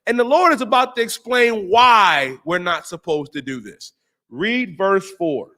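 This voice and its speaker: A man hosting a talk show, preaching on scripture in slangy, emphatic speech and drawing out the verses slowly. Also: high-pitched, animated, sharp tone. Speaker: host and teacher.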